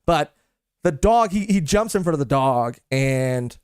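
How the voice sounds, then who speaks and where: A man's voice: on the high side, lively intonation, unhurried, clean tone, no room sound, clean studio sound. A young man co-hosting a podcast, chatting casually and rambling with restarts and cursing. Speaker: podcast co-host. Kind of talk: casual chat.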